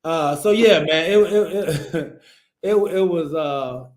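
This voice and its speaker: A man's voice: on the high side, takes it slowly. A man co-hosting a live show, telling a story in a laid-back, chuckling way and greeting viewers. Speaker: podcast co-host. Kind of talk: casual storytelling chat.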